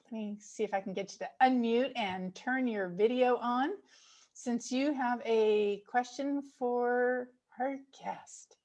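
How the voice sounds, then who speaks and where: A woman's voice: fairly high pitch, slow pace, darkish tone. A woman hosting a webinar Q&A over a video call, laughing easily and a little flustered. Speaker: host. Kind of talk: moderating a webinar Q&A.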